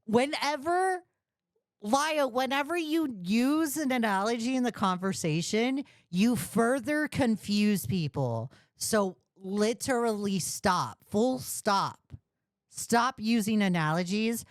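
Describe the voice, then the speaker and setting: A woman's voice: fairly high pitch, lively intonation, takes it slowly, no echo, studio quality. A woman streamer giving blunt, mocking commentary on a call during a livestream.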